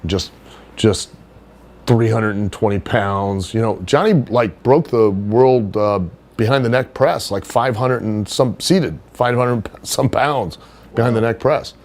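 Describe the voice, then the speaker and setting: Brief: middle-aged man, low voice, blunt and profane podcast guest. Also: a little slow. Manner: blunt and profane, animated storytelling. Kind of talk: casual chat, storytelling.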